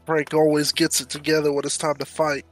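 Halting man at the game table. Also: on the high side, completely flat delivery, faint music behind. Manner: hesitant, many "uh" fillers. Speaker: player. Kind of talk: casual tabletop game play.

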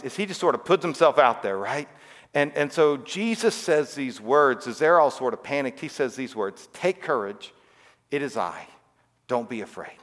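A pastor gives a casual, conversational sermon to children, frequently checking in with asides like "right?" and "all right?". His mid-range voice is a bit bright, and the sound is that of a big room.

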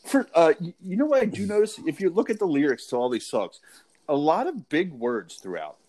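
A man's voice: a little high, sing-song, brisk, a little mellow, rough recording. A man co-hosting a casual podcast, reflecting on a movie with frequent restarts and fillers. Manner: hesitant, many restarts and "like"s, thoughtful. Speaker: podcast co-host. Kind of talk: casual movie-discussion chat.

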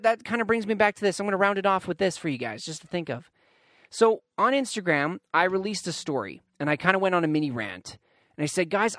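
An earnest man with a fairly high voice hosts his own podcast, speaking reflectively and stretching words for weight. The sound is dry and close. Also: a bit bright, no echo. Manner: earnest, reflective, drawn-out emphasis. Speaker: podcast host. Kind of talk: casual solo podcast talk.

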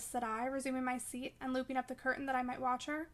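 A woman narrating a classic novel aloud in a measured, steady way. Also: sits high. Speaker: audiobook reader.

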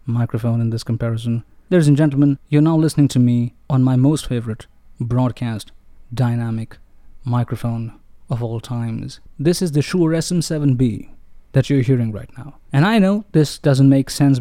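Man, playful gear reviewer with a very dark, mellow voice and a dry, close-mic sound. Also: medium pitch, moderate pace, dry recording. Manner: playful and self-mocking, often calls out "ladies and gentlemen". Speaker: microphone reviewer. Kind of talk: casual gear review monologue. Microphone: close-up dynamic microphones, about three inches away.

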